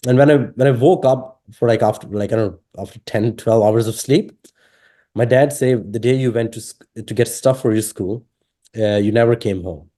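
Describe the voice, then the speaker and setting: A man from Pakistan, telling his personal story in an interview, halting and full of fillers and restarts. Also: medium pitch, dark tone. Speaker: interviewee sharing his testimony.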